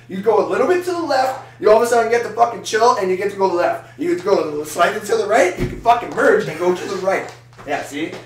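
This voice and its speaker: Podcast co-host, male, high and animated, profane ranter, recorded off-mic in a roomy space. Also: distant mic. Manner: loud, swearing, excitable rants. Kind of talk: casual profane ranting chat. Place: small echoey room. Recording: echoey room, off-mic, faint noise.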